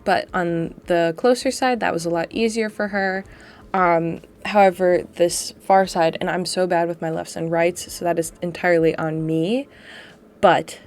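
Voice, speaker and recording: A woman with a slightly low voice narrates her dog training footage in a relaxed, chatty way, poking fun at herself and laughing often. She records the voiceover at home, sitting beside her dog.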